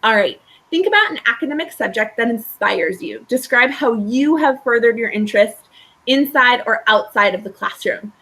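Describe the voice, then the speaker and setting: A woman's voice: on the high side, expressive, moderate pace, pushed and bright, low-quality recording. A woman school counselor presenting a webinar, talking in a conversational, reassuring way with frequent fillers and tag questions.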